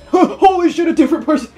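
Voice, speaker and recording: A woman commenting on a video game playthrough, reacting dramatically and excitably and laughing often. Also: very high-pitched. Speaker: gaming video host. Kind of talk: let's-play reaction commentary.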